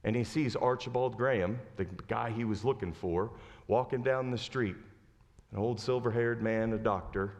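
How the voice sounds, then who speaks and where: A man preaching a sermon as pastor. He retells a story with lively acted-out lines and asks the congregation direct questions. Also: mid-range voice, moderate pace, big-room sound. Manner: animated storytelling, acting out quoted lines. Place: church sanctuary.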